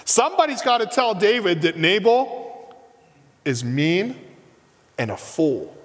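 A man preaching a sermon as pastor, animated and asking his listeners rhetorical questions. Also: high voice, slow, big-room sound.

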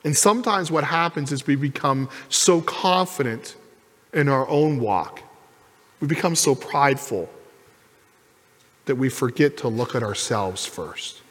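Unhurried and mid-range in pitch, a pastor delivers an animated sermon that echoes through a large church sanctuary. He takes on the voices of the figures in his story as he goes.

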